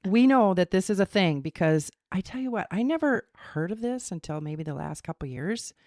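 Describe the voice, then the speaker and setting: A middle-aged woman, co-hosting a podcast in casual, animated chat. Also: medium pitch, moderate pace, no room sound, clean studio sound. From Minnesota. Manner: animated, explains theories, laughs. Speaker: podcast co-host.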